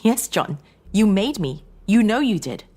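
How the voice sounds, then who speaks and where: Woman doing a clingy, sorrowful estranged wife, husky and emotional, for a horror audiobook. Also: mid-range voice, big pitch swings, measured pace, darkish tone, pitched above the performer's own voice. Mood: pleading. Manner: pleading, tearful.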